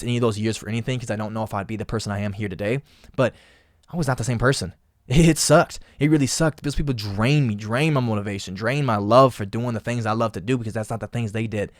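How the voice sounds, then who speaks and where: A man's voice: medium pitch, no room sound, clean studio sound. A young man hosting a casual motivational podcast, talking solo in an impassioned, emphatic way and often repeating phrases. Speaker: podcast host.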